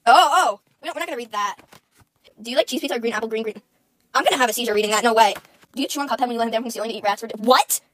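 A woman's voice: a little high, very fast, a bit bright. A young woman streaming, chatting casually and rambling to her chat, often giggling, close to the mic.

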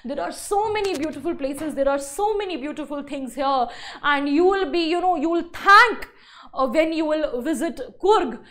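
A woman's voice: high voice, animated, moderate pace, fairly bright tone. A woman with an Indian English accent teaching an online English class, explaining a lesson by repeating and rephrasing herself with many "you know" fillers.

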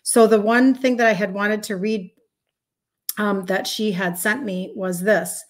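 A woman's voice: mid-range voice, fairly even intonation, a little slow. A woman in her fifties from Minnesota with a Minnesotan accent, hosting a chatty live stream as a health coach, greeting viewers and answering their comments as they come in. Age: 50s.

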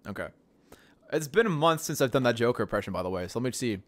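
A man casually chatting on a gaming stream, excitable and laughing often. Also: mid-range voice, fast, dry recording.

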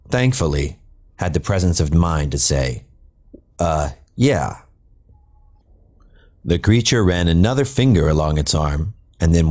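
A man's voice: sits low, darkish tone. A man narrating his own comic horror story in a wry, dry manner. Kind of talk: scripted narration.

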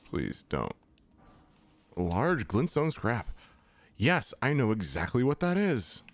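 A young man narrates his own playthrough in a loose, joking way, often chatting to the creatures he fights. His pitch swings widely from low mutters to high exclamations. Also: wildly swooping pitch, slow, dry recording. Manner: chatty, jokey, talks to enemies. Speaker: gaming channel host. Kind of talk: casual let's-play commentary.

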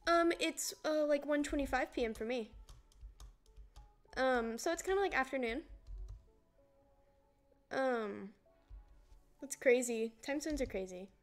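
A woman's voice: high-pitched, a little slow, long pauses. A young woman streaming a game, chatting casually and rambling while greeting her viewers. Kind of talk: casual livestream chat while gaming. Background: music playing.

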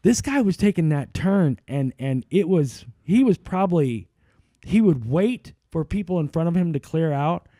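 A man co-hosting a casual podcast, his voice mellow and on the higher side, swinging widely in pitch. He rambles through stories, stopping and restarting as he goes. The sound is dry and close. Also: expressive, moderate pace, no room sound. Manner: rambling, self-interrupting storyteller. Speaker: podcast co-host. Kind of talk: casual banter.

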